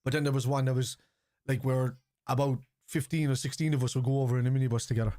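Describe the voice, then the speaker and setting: With a medium pitch and a quick pace, and no room sound, a middle-aged man runs a casual football watchalong live stream. He's chatty, reads out what people type in chat, and turns excitable when the match heats up.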